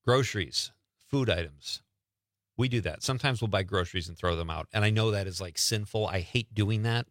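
A show host with a fairly low, brisk male voice keeps things chatty in casual radio-style banter, joking and poking fun at himself. The recording is clean studio sound with no room sound.

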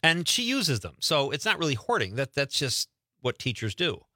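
A man's voice: fairly high pitch, sing-song, moderate pace, pushed and bright, dry recording, studio quality. A man hosting a show, chatting casually and joking at his own expense. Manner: chatty, joking, self-deprecating. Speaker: show host. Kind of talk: casual radio-style chat.

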